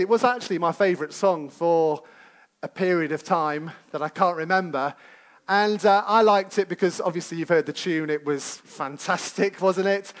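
A man's voice: a little high, normal speed. A man preaching a sermon to a congregation in a church service, talking conversationally and putting questions to his listeners.

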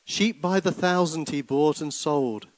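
A grave prophet spins a cautionary tale, read by a man in a poem. His delivery is measured and deliberate, in a dry close voice. It carries quiet sternness. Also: a little high, no echo, voice pushed up, lightly acted, poor audio. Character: grave older male prophet, stern and sorrowful.

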